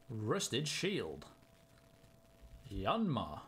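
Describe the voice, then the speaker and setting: A young man chatting casually and excitedly to himself in a card-opening vlog. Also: medium pitch, unhurried, long pauses, a little hiss or hum. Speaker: YouTuber.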